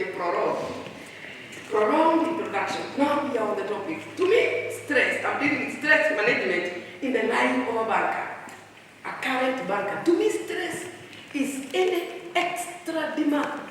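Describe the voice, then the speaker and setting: A high-voiced woman leads a staff workshop, teasing her listeners and calling on them for answers. Her voice rings through a long, echoey hall, picked up from well back with a faint murmur of the room behind her. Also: slight background noise. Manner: animated, teasing, quizzes the audience. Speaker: speaker at a staff retreat. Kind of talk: lively motivational workshop talk. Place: large hall with an audience. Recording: echoey hall, distant mic.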